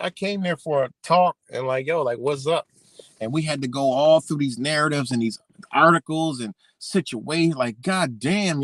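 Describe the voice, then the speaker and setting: A man's voice: a little high, dry recording. Blunt, profane man ranting. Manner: blunt, heavy swearing, repeats himself. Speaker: podcast host. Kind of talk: casual ranting recap.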